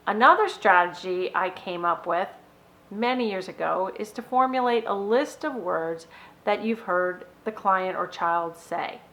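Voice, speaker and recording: Clear instructive woman demonstrating sounds. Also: medium pitch, measured pace, fairly bright tone, low-quality recording. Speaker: behavior analyst host. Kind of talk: educational video blog.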